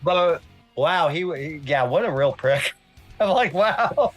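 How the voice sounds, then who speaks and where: A man, a guest film critic, telling a story in casual, profane, animated chat. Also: on the high side, slow pace, faint music behind.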